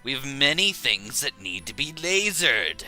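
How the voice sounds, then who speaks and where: A man's voice: medium pitch, big pitch swings, a little slow, pushed and bright, soft background music, rough recording. A man chatting and joking casually while streaming a video game. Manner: playful, joking.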